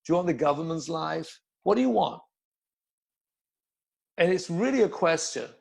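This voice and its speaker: A man's voice: on the high side, big pitch swings, normal speed, gravelly, a little mellow, husky, rough recording. An older man, a yoga teacher, telling stories bluntly in a casual interview, swearing and repeating words.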